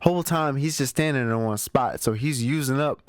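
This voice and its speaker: A man's voice: mid-range voice, normal speed, dry recording, studio quality. A man hosting his own movie show, recapping the plot in a casual, slangy way and talking straight to his listeners. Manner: chatty, slangy, talks straight to the audience. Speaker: movie review show host.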